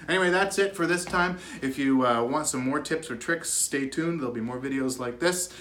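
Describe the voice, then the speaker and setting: A man coaching voice acting in a relaxed, joking way, chuckling often as he explains. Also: mid-range voice, moderate pace, reverberant, a little hiss or hum. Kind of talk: casual instructional talk to camera.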